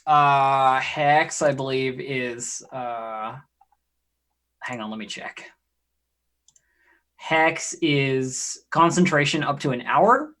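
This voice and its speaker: A man's voice: medium pitch, drawn-out words, long pauses. A man playing a tabletop game, talking it through casually and swearing when his rolls go badly. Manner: excitable, swears at bad rolls. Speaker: player.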